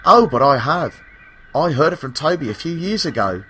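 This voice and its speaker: Man doing Stanley, a high chirpy engine. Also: big pitch swings, moderate pace, sharp tone, long reverb tail, a little hiss or hum. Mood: curious. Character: excitable male old steam engine, young-at-heart.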